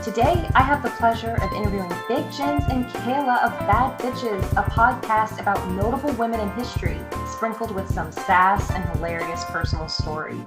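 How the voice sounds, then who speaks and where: A woman's voice: a little high, normal speed, few pauses, roomy sound, over loud music. A woman hosting a podcast interview, speaking in an upbeat, friendly way. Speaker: podcast host.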